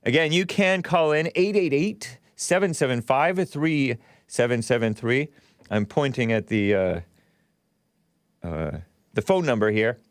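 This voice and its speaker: A man hosting a live-streamed call-in talk show, animated and jokey, chuckling as he reads chats. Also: mid-range voice, unhurried, dry recording, clean studio sound. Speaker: show host.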